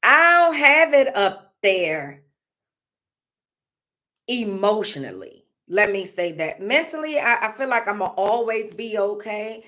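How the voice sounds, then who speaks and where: A woman's voice: medium pitch, big pitch swings, slow, bright, forceful tone. A woman vlogger talking openly and casually, rambling with many fillers and laughing now and then. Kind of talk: casual heartfelt vlog talk.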